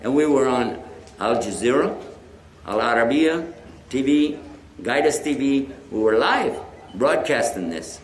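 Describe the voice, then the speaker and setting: A man's voice: medium pitch, animated, unhurried. A man preaching to a live audience, telling a story and acting out both sides of the conversation. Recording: echoey hall with faint noise.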